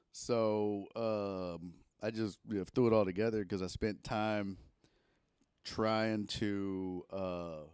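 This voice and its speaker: A man's voice: fairly low pitch, smooth, no room sound, studio quality. A man hosting a casual sports talk livestream, rambling and swearing freely into a microphone plugged into a camera. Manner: profane, animated rambling. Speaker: sports talk show host.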